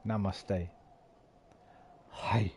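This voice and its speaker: A man streaming games, tipsy and slightly slurring, rambling and swearing, swinging from loud bursts to low mumbles. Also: flat delivery, extremely slow, noisy background. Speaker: game streamer. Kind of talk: casual stream chat.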